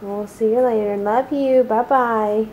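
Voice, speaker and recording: Young mom, slow unhurried delivery, sing-song baby talk, camcorder home-video sound. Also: female voice, a little high, steady tone, a little mellow, slight background noise. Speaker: mother filming her newborn. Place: at home, indoors. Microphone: built-in camcorder mic.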